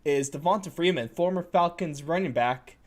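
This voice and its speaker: A man's voice: a little high, normal speed. A man hosting a casual sports podcast, talking in a loose, rambling way and swearing now and then. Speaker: podcast host.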